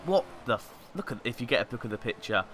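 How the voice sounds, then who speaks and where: A man's voice: mid-range voice, lively intonation, quick pace, a bit bright, slight background noise. A young man with a sarcastic, mocking manner, reading out fan tweets and commenting on them in a casual way. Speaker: YouTube commentator.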